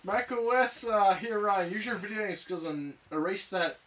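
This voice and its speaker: A man's voice: sits high, normal speed, a bit bright, far from the mic. A man co-hosting a let's play, goofy and giggly, joking with his friend. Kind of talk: joking gameplay banter.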